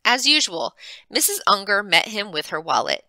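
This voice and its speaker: Animated woman reading a storybook aloud. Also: medium pitch, normal speed, creaky, no echo. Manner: expressive, animated narration.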